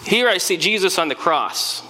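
A man's voice: sits high, animated, moderate pace, pushed and bright, in a large hall, slight background noise, low-quality recording. A man playing an earnest eyewitness follower of Jesus. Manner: earnest storytelling, repeats words when stirred. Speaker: preacher in first-person character. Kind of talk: dramatic first-person sermon monologue.

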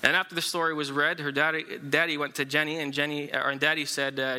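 A married man preaching a sermon, telling an illustrative story in a halting way with many fillers and restarts. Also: a little high, level tone, bright, forceful tone, clear, resonant tone. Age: adult, married. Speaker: pastor.

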